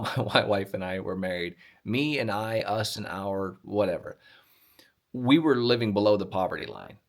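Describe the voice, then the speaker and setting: A man's voice: fairly low pitch, fairly bright tone. A middle-aged man hosting a casual motivational monologue, with dry, self-mocking humor. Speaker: motivational video host.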